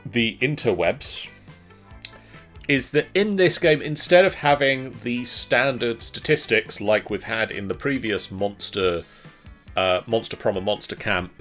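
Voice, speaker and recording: A man's voice: fairly low pitch, fairly bright tone. A man co-hosting a casual let's play, chatting hesitantly with many ums and restarts. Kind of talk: casual gaming commentary.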